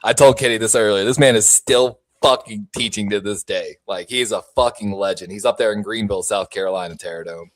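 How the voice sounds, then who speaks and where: A man's voice: on the low side, a little fast, hardly any pauses. A man co-hosting a sports podcast, telling stories casually, swearing and laughing as he goes. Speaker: podcast co-host. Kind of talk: casual chat.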